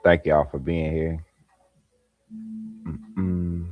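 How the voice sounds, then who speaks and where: A man with a low, slightly mellow voice speaks slowly with frequent pauses while hosting a late-night livestream from home, holding a light. He chats casually with viewers by name and laughs often, with soft music in the background and no echo.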